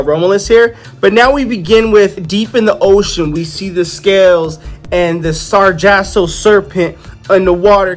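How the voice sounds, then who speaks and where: A man casually reviewing a comic book, retelling the scenes in an animated way and slipping into the characters' voices. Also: sits high.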